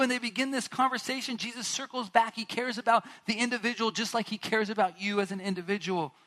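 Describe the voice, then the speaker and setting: A man preaching a sermon, retelling a Bible story with animated asides and acted-out lines from its characters. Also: sits high, quick pace, hardly any pauses. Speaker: pastor.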